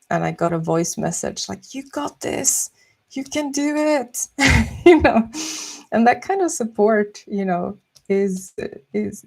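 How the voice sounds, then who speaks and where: A young woman chatting softly and musing slowly while she draws on a live stream. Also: lowish voice, creaky. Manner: soft-spoken, slow and musing. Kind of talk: casual chat while drawing.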